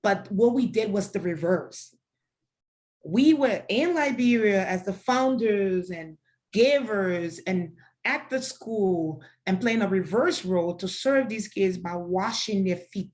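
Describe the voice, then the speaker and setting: A woman founder raised in Africa gives interview answers that turn into faith testimony, her mid-range voice a little mellow. She speaks earnestly and declaratively, repeating lines the way a preacher would.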